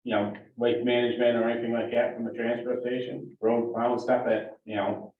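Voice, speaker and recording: A man on a town board speaking haltingly in a meeting, with many fillers and restarts. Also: medium pitch, level tone. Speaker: selectboard member. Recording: echoey room, distant mic, dull lo-fi sound.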